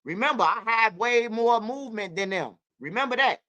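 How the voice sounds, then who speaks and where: A woman's voice: on the high side, normal speed. A woman hosting her channel, telling stories in casual, profane, repetitive livestream commentary. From Chicago. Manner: profane, repetitive, animated storytelling. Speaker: channel host.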